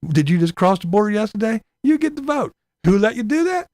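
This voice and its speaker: Pandering politician as voiced by a man, shrill, sing-song and mocking, dry close sound. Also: very animated, a little fast, darkish tone, no room sound. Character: pandering male politician begging for votes.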